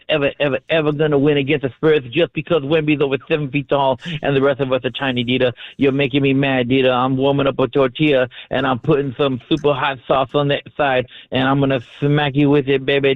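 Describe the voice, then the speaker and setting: A man's voice: mid-range voice, no echo. A man calling in to a radio show, ranting theatrically in a hammy sing-song voice that keeps calling people baby. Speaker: radio caller. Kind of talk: theatrical call-in rant. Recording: tinny phone line.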